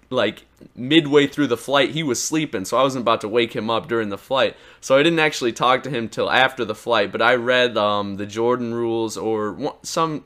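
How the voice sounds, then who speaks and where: A teenage boy telling an excited, rambling story about his experience, full of restarts and quoted dialogue. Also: medium pitch. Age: teens. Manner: excited, rambling retelling with many likes and restarts. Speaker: YouTuber. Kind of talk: casual storytelling vlog.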